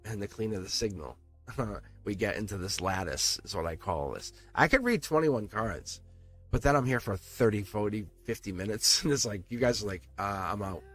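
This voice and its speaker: A man's voice: on the low side, very animated, normal speed, fairly bright tone. Rambling man hosting a live tarot stream. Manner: rambling, repeats words, restarts sentences often; earnest and encouraging, now and then swears. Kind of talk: live-stream tarot reading and chat to viewers.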